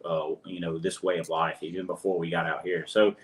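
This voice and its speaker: A man's voice: low voice, flat delivery, brisk. A man with a Louisiana accent, a guest homesteader talking in a hesitant, earnest way, often repeating words. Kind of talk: casual interview chat.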